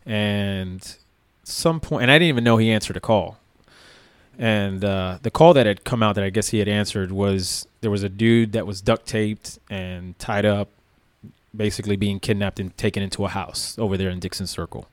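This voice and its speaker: A man's voice: on the low side, moderate pace, no echo. A man, a former police officer, recounting a story casually with lots of fillers. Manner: relaxed, rambling with many fillers.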